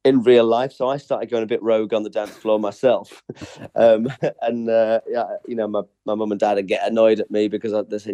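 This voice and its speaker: A man's voice: on the low side, flat delivery, brisk, warm tone, no room sound. A man from England, a stage performer being interviewed, chatting casually and laughing easily.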